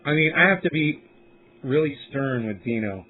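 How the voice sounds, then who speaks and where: A man's voice: medium pitch, animated, moderate pace, slight background noise. A man hosting a casual livestream from home, rambling in a laid-back way and swearing freely. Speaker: livestream host. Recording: tinny phone-like audio.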